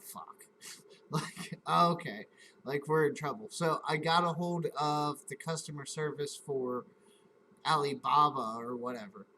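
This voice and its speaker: A man's voice: on the high side, fairly bright tone, slight background noise, rough recording. A man hosting a live stream, casually telling a rambling, profane story and acting out his own reactions in quotes.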